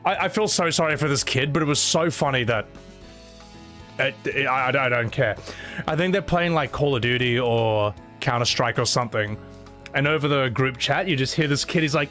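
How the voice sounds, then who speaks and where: A man's voice: medium pitch, moderate pace, bright, forceful tone, soft background music. A man streaming, chatting casually and animatedly, laughing often and swearing freely.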